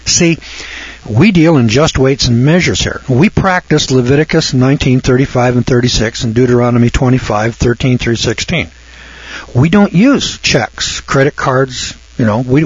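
Husky man giving a folksy lecture. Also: medium pitch, no room sound. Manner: folksy, stammering at times, rising to heated emphasis. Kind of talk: classroom lecture. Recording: dull lo-fi recording.

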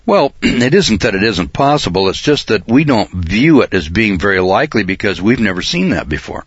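A man teaching Bible prophecy in sermon style, reading verses aloud and explaining them, often clearing his throat. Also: lowish voice, big pitch swings, moderate pace, dry recording. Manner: reads scripture aloud then explains it. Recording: dull, lo-fi dry recording.

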